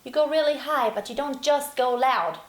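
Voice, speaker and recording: A young woman giving a singing lesson, explaining calmly and then breaking into sung and shouted demonstrations. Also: sits high, moderate pace. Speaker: singing teacher. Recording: roomy echo.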